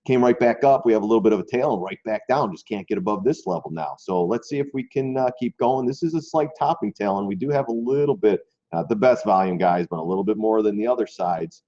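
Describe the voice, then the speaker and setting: A man with a fairly low, dark voice talks quickly with few pauses, hosting a stock trading live stream in a loose, rambling way. He addresses his viewers directly and often repeats words in this casual commentary. The stream audio sounds dull and lo-fi.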